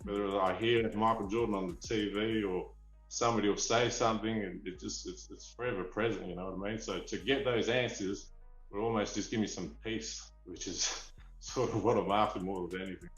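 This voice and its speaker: A man's voice: fairly low pitch, steady tone, fairly quick, echoey room, soft background music, low-quality recording. A man from Australia with an Australian accent, a collector telling rambling, eager stories in a casual interview. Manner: eager, rambling, restarts often. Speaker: figurine collector, guest.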